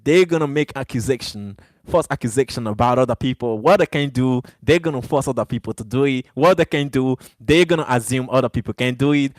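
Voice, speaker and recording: A man's voice: medium pitch, brisk, no echo. A man hosting a live stream, arguing back at chat viewers in a heated, repetitive way, English not his first language. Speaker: livestream host.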